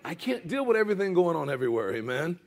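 Casual, high-voiced male pastor preaching. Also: big pitch swings, quick pace, gravelly, a faint crowd. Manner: conversational, uses "amen?" and "bro" asides. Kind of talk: sermon.

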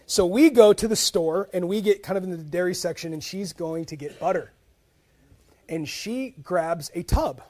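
High-voiced pastor preaching animatedly. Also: male voice, normal speed. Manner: animated, swings between soft asides and loud emphatic bursts; conversational, with frequent "like" and repeated starts. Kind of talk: sermon with humorous storytelling.

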